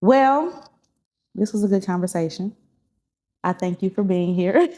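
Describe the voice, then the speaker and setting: A woman hosts a laid-back podcast, speaking. She talks in an easy, encouraging way and laughs often. Her pitch sits in the middle for a woman. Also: expressive, unhurried, warm tone. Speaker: podcast host. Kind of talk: casual conversation.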